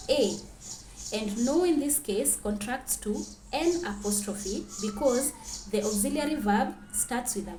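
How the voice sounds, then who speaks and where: A woman teaching a grammar lesson, clearly reading out French example sentences and then translating them. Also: fairly high pitch, a little mellow, roomy sound, a little hiss or hum.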